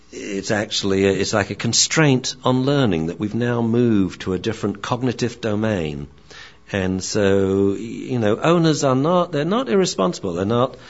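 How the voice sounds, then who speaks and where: A man teaching dog training in a lecture, animated and acting out barks and dialogue. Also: fairly low pitch. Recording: dull lo-fi recording.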